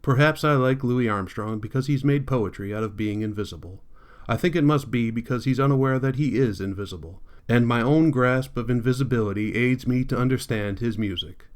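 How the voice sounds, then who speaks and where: A man reading a novel aloud as an audiobook narrator, in a measured literary manner. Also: medium pitch. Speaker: audiobook reader. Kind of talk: scripted narration.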